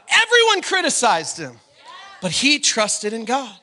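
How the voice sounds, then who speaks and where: A male preacher delivers a sermon in an unusually high, bright voice. He preaches with animated energy and often rises to a shout. Now and then he breaks briefly into song. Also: measured pace, some chatter behind.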